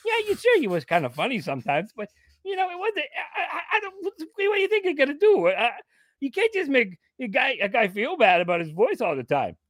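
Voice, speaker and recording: A man's voice: very high voice, very animated, a little fast, a bit bright, dry recording, clean studio sound, pitched above the performer's own voice, heavily acted. A man voicing a touchy, indignant tough guy with a put-on New York or Boston accent who stammers and rambles. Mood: aggrieved. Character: touchy adult man angry about being mocked. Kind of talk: improvised comedy bit.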